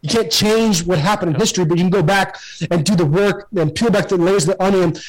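A man in his forties speaking with a fairly high pitch as he tells his story on a podcast. His delivery is earnest and emphatic, with the motivational push of a former athlete who wants to lift people up. He often doubles back and repeats words as his feeling builds. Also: quick pace, poor audio. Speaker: podcast guest, former pro baseball player.

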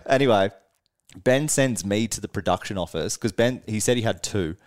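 Low-voiced man telling a rowdy tour story. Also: normal speed. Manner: animated, laughs often, swears freely. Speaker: podcast co-host, band musician. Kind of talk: casual storytelling chat.

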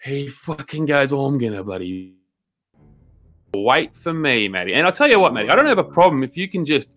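A man's voice: medium pitch, big pitch swings, brisk. A man playing an angry Australian bloke ranting in a comedy podcast segment, swearing and calling everyone mate. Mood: indignant. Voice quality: bright, sweary, keeps saying "mate". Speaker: co-host.

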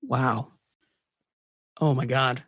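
A man's voice: mid-range voice, steady tone, very slow, a bit bright, breathy edge, no echo, studio quality. A man guesting on a podcast in casual chat, eager and rambling, often restarting his sentences. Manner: rambling, self-correcting, eager.

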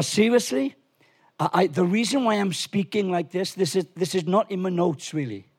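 Animated husky-voiced male preacher. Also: high voice. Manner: animated, swings from quiet to shouting. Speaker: pastor. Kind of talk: lively sermon. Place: church.

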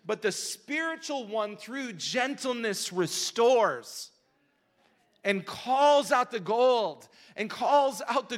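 A man with a high, bright speaking voice delivers a sermon to his congregation. He shifts from hushed, gentle teaching to loud, passionate calls. His voice rings with a long reverb from the church hall. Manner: swings from quiet intimate teaching to loud passionate exhortation. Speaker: pastor. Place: church sanctuary.

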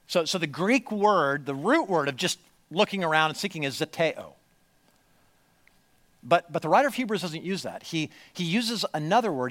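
A man preaching a sermon to a congregation, swinging from hushed storytelling to loud, emphatic lines. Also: fairly high pitch. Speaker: pastor. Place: church, before a congregation.

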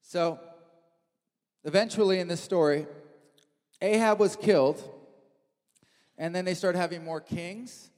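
A man's voice: sits high, measured pace, long pauses, darkish tone. A man preaching a sermon in a church hall, telling the story with animation and acting out the quotes.

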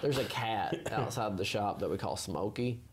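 A man's voice: lowish voice, normal speed, a little hiss or hum. A man co-hosting a podcast, chatting casually and profanely, rambling and laughing often. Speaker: podcast co-host.

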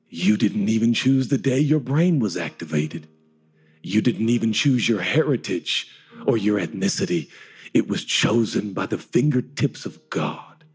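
A man's voice: fairly low pitch, slightly rough. A man in his forties preaching a live sermon to a congregation in an auditorium, with an impassioned, repetitive cadence that builds into an altar call. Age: 40s. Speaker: pastor.

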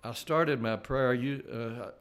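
An older man giving an earnest personal testimony, halting and restarting as he talks. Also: medium pitch. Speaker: layman giving a faith testimony.

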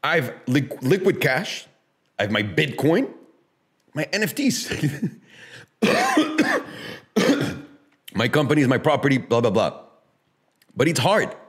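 A man talking in a loose, casual style, emphatic and profane. He makes his points with sarcastic rhetorical questions. His pitch swings widely from phrase to phrase. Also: sing-song, normal speed, long pauses, a bit bright. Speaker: podcast host. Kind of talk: casual opinionated chat.

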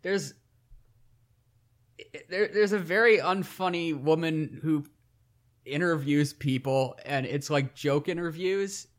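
A man co-hosting a podcast, chatting casually in an animated, teasing way. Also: a little high, slow, long pauses. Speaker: podcast co-host. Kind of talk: casual chat.

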